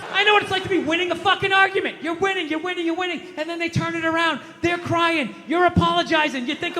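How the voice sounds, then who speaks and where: A middle-aged man performing stand-up comedy, ranting and profane, often shouting. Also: very high voice, steady tone, fast, few pauses, big-room sound, a little hiss or hum.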